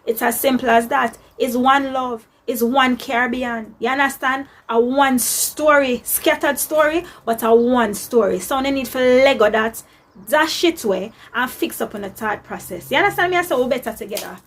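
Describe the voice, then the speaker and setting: A woman's voice: high voice, normal speed. A Jamaican woman giving her opinion in casual talk, emphatic and preachy, with creole phrasing.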